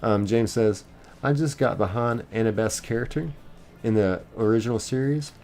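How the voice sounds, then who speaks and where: A man's voice: lowish voice, normal speed, a little mellow. A young man hosting a live stream, casually reading viewer comments aloud and rambling with lots of fillers. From United States.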